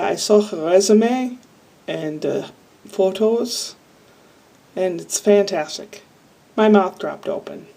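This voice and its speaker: Talking to her camera like a diary, this Iowa vlogger rambles candidly and casually, full of tangents. Her voice is mid-range with a dark tone and sounds slightly distant from the microphone.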